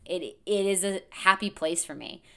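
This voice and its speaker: Chatty woman, lowish voice. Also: normal speed, gravelly, bright, forceful tone, smooth. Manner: chatty, enthusiastic, many fillers. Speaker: podcast host. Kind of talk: casual monologue.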